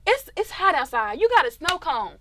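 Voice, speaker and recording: Young female singer, interview guest, high voice, dry close sound, expressive storyteller. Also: moderate pace, no room sound. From Dallas, Texas.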